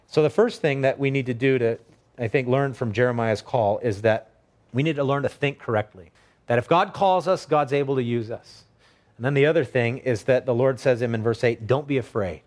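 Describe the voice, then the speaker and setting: A middle-aged man preaching a sermon in a relaxed, conversational way, acting out short quoted voices along the way. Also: medium pitch, a little fast. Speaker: pastor.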